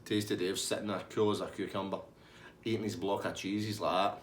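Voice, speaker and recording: A man's voice: low voice, flat delivery, brisk, echoey room, a little hiss or hum. A man telling a funny anecdote in a casual, colloquial way with swearing. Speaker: storyteller.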